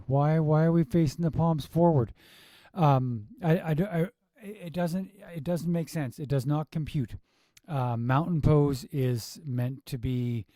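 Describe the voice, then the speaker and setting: A man reviews a yoga class video, firing off exasperated rhetorical questions and quick asides. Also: medium pitch, dark tone, no room sound, studio quality. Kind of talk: casual critique with commentary.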